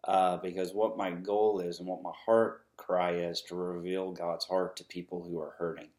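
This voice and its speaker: A man's voice: deep voice, little pitch movement, normal speed, a little mellow. A man vlogging a casual, earnest rant to camera, rambling with many ums and restarts, frustrated but upbeat.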